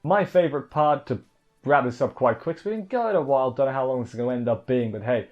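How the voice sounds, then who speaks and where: Male reviewer, mid pitch, loose self-correcting delivery, dull recording. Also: fast, soft background music. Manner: rambling, off-the-cuff, self-correcting. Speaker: anime reviewer. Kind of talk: casual spoken review.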